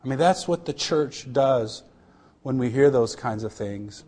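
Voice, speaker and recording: With a husky, expressive, mid-range voice, a middle-aged missionary shares his testimony. His telling is sincere but halting, full of restarts, and he softens to a hush when things grow tender.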